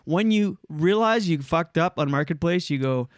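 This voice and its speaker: A man's voice: on the high side, expressive, normal speed, no echo, clean studio sound. A man co-hosting a podcast, arguing in casual chat, blunt and sarcastic, talking over his partner. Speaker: podcast co-host.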